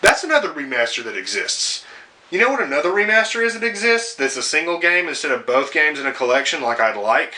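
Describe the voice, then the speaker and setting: A man's voice: fairly high pitch, sing-song, brisk, sharp tone, a little hiss or hum. A young man delivering a profane, sarcastic rant as a video game reviewer, with frequent swearing and exasperated asides. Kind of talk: ranting commentary video.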